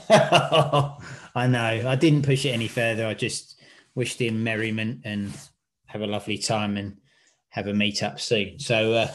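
Blunt, jokey podcast host. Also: male voice, lowish voice, steady tone, unhurried, a bit bright, slight background noise. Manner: blunt, swearing, jokey banter. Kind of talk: casual chat.

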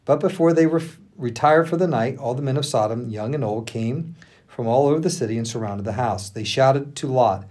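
A male pastor reading scripture aloud with earnest, expressive emphasis. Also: medium pitch, normal speed.

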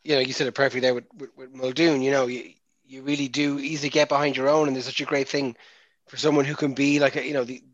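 A man with an Irish accent co-hosting a casual sports podcast, talking in a halting way full of fillers. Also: medium pitch, fairly bright tone, lo-fi sound. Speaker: podcast co-host.

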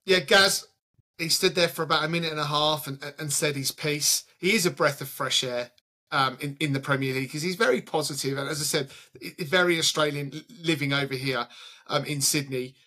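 A man with a higher, bright, forceful voice guiding a football podcast. He hands questions to his co-hosts and weighs their views. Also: brisk. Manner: questioning, steers discussion to others. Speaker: podcast host. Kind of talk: casual football chat.

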